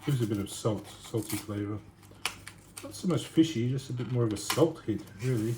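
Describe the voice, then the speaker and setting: A man chatting casually while cooking in his home kitchen, rambling and thinking out loud. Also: mid-range voice, brisk. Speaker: home cook vlogger. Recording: noisy home recording.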